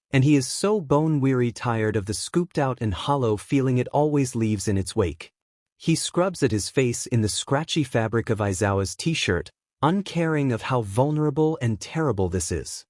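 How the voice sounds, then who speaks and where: A man narrating fan fiction aloud in a steady, even storytelling delivery. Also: medium pitch, dry recording, clean studio sound.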